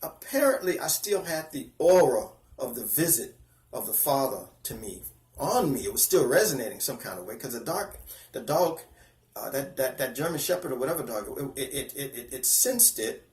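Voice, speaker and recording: A man in his fifties sharing a personal spiritual testimony, earnest and halting, often restarting his sentences and close to tears. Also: mid-range voice, animated, a little mellow, echoey room. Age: 50s. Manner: earnest, halting, with repeated false starts.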